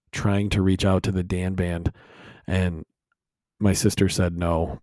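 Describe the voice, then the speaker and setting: A young man with a deep, warm voice co-hosts a casual podcast. He tells lively stories and jumps into louder voices for the people he quotes. The sound is dry and close. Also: no echo. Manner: animated storyteller, acts out quotes loudly. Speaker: podcast co-host. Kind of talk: casual chat.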